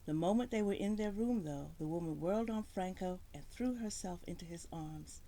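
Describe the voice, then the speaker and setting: A woman's voice: on the low side, moderate pace. A woman reading a story aloud, narrating expressively. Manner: expressive narration with voiced characters.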